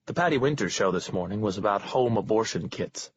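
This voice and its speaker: A man with a husky voice giving a calm, cold, measured first-person reading of a novel. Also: fairly low pitch. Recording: dull lo-fi dry recording.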